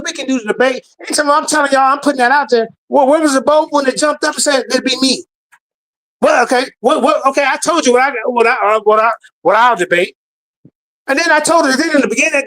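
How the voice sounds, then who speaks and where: A man's voice: very high-pitched, poor audio. A man ranting heatedly on a live-stream call, cursing and repeating himself as he recounts a debate panel. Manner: loud, profane, repeats himself. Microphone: remote call.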